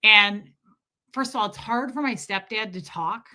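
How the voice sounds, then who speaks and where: A woman's voice: mid-range voice, normal speed, sharp tone. A middle-aged woman vlogger telling a story in a casual, blunt and profane way.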